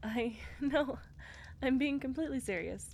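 A woman voicing a shy, war-weary female knight commander in an audio role-play, speaking hesitantly with soft fillers. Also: mid-range voice, fairly even intonation, moderate pace, slight background noise, natural voice. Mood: shy, tender.

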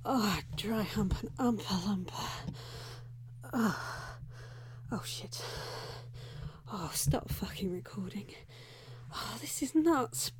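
A woman playing a flustered young undercover reporter in a whispered role-play, breathy and frantic, who keeps scolding herself and blurting curses. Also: on the high side, a little mellow.

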